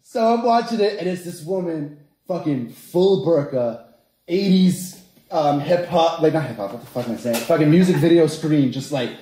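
A man's voice: a little high, animated, normal speed, mellow, echoey room. A young man doing a stand-up set, telling crude stories animatedly and firing asides at the crowd. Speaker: stand-up comedian.

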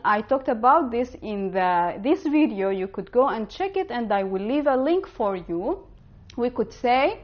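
A woman teaching an online language lesson, spelling out words slowly and carefully. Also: fairly high pitch, lo-fi sound. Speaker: Arabic teacher.

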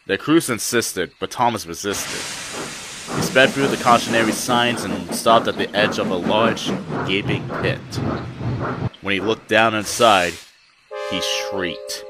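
A man narrating a storybook tale in an even, measured reading voice. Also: fairly low pitch. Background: music.

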